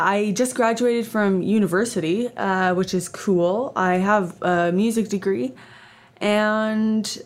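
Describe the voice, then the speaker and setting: A woman in her twenties from Canada, hosting a casual solo podcast, chatty and rambling with lots of fillers and self-deprecating asides. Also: mid-range voice. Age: 20s. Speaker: podcast host.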